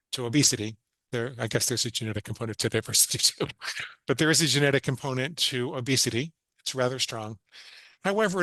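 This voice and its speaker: Male psychologist guest, earnest and instructive, mid pitch, dry close sound. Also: fairly bright tone, dry recording, poor audio. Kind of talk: podcast interview, explaining techniques.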